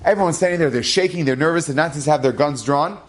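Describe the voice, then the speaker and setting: Rabbi guy telling a story, lively, acts out the voices, kinda high voice. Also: fast talker. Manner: animated, acts out dialogue, casual phrasing. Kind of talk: inspirational storytelling.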